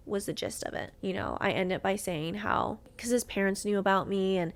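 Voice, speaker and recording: A young woman hosting a podcast, telling a story in a lively, animated way, swearing freely and acting out both sides of arguments. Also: mid-range voice, fairly quick. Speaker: podcast host.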